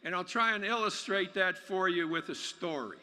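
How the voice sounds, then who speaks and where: An older man giving a folksy, plainspoken commencement speech in a large arena, with halting restarts. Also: sits high, bright, forceful tone. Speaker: commencement speaker. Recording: long arena reverb.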